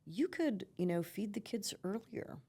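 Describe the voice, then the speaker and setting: A woman's voice: mid-range voice, expressive, measured pace, dark tone, breathy edge. A middle-aged woman, a psychotherapist giving earnest advice in a conversational podcast interview, peppering her talk with "you know" and "right?". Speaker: psychotherapist guest.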